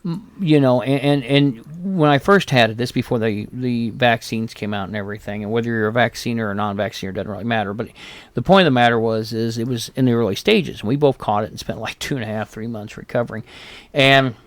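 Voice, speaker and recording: Man, podcast co-host, relaxed explaining, mid pitch, dry close sound. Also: brisk, no room sound. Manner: easygoing, explains at length. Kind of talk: casual chat.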